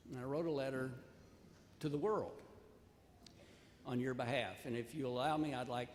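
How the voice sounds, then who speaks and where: A man's voice: mid-range voice, darkish tone, slight background noise. An older man giving a commencement speech, telling a folksy personal story and offering earnest advice. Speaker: commencement speaker. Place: large ceremony hall. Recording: echoey hall, long reverb, faint ambience.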